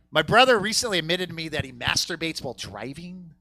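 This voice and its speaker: A man's voice: fairly high pitch, very animated, quick pace, creaky, pushed and bright. A man doing a stand-up comedy set on a theater stage, telling a rambling, crude story and working the crowd.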